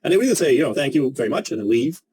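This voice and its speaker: Fast, animated man coaching sales. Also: a little hiss or hum, low-quality recording. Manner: animated, emphatic, acts out quoted clients with a jump in pitch. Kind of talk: energetic sales lesson.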